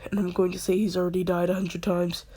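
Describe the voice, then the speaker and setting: A woman's voice: on the low side, little pitch movement, fast talker, dark tone, breathy edge. A woman casually telling a fan-made story in slang, laughing often.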